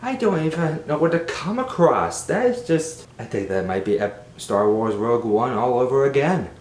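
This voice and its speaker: A man giving a casual, rambling film review, animated and exasperated. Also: normal speed. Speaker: movie reviewer. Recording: roomy with faint rumble.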